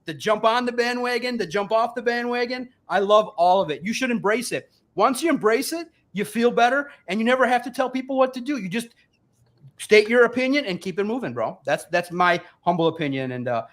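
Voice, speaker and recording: A man, a regular guest on a sports talk show, arguing loudly and emphatically with mocking repetition. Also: very high voice, a little fast. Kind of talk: heated sports debate.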